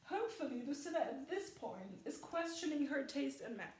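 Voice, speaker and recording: A female vlogger rambles through casual film commentary, leaning on fillers and laughing a lot. Her high voice swings widely in pitch at a moderate pace and sounds a little mellow. She is recorded from a distance, off-mic, in an echoey room.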